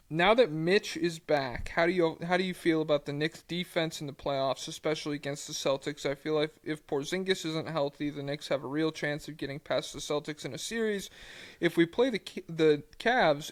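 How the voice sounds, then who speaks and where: Laughing animated podcast co-host man. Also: a little high, normal speed, no echo. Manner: laughing, animated, does mocking voices. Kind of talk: casual sports chat.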